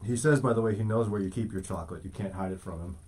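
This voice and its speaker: A man's voice: lowish voice, quick pace, darkish tone, husky. A man hosting a casual morning show, teasing his co-host and telling stories. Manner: teasing, storytelling.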